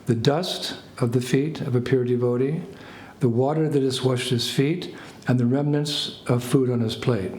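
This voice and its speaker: An older American man, a spiritual teacher, telling a lively story to a small group. He laughs and acts out phrases as he goes. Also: medium pitch, moderate pace, few pauses. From United States. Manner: animated anecdotes, laughs, acts out French phrases. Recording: echoey room with faint ambient noise.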